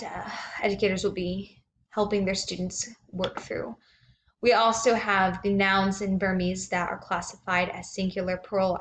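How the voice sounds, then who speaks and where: A woman's voice: medium pitch, a little hiss or hum. A woman giving a slide presentation on language, speaking hesitantly with many ums and uhs.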